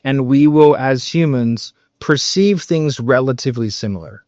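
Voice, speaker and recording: A man's voice: mid-range voice, moderate pace, darkish tone, no room sound. A man with a mid-range voice coaches on sales in a loose, emphatic way, peppering his talk with fillers, the odd curse and constant "right?" checks. The recording is dry and a little dull, with no room sound. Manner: emphatic, loose, swears, many fillers and tag questions. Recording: dull, slightly muffled recording.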